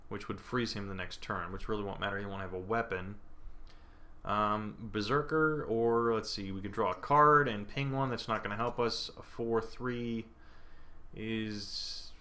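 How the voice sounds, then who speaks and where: A man's voice: on the low side, pushed and bright. A young man commenting on his own card game as he plays, thinking aloud and hesitating between moves. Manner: thinking aloud, hesitant, with playful put-on panic. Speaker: gameplay commentator. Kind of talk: casual gameplay commentary. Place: indoor room at home, planes passing overhead.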